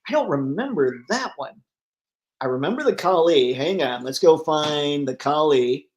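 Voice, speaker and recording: A man hosting a casual livestream, reading viewer comments aloud and riffing on them, thinking out loud as he browses online listings. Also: on the high side, animated, unhurried, lo-fi sound. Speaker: livestream host. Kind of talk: casual live chat.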